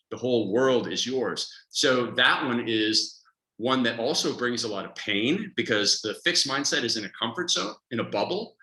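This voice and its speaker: Energetic man coaching, bright roomy voice. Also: medium pitch. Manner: energetic, emphatic, acts out inner voices. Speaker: productivity coach. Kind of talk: motivational podcast monologue.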